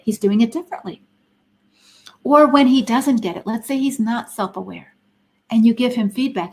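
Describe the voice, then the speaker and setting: A woman's voice: fairly high pitch, expressive, moderate pace. A middle-aged woman giving an earnest, emphatic teaching talk on a live stream, asking many rhetorical questions. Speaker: Christian counselor and speaker.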